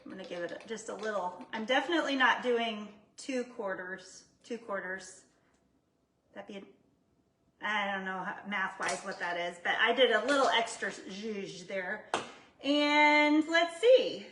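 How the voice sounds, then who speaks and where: A woman's voice: mid-range voice, measured pace, a bit bright, reverberant, far from the mic, slight background noise. A woman chatting casually while making salsa in her home kitchen on a livestream, self-deprecating and talking straight to her viewers. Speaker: jewelry maker cooking on a livestream. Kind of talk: casual live cooking chat.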